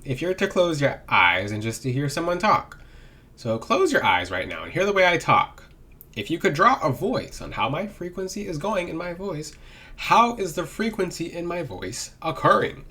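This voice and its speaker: Man with a swooping, lively voice. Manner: animated, swooping pitch to demonstrate; rambling with frequent restarts. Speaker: spiritual voice coach. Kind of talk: casual advice vlog.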